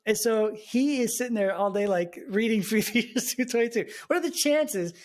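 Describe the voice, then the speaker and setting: Brief: male podcast co-host, lively anecdote teller who voices the people he quotes. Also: high-pitched, normal speed. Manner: animated storyteller, acts out quoted voices. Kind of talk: casual chat.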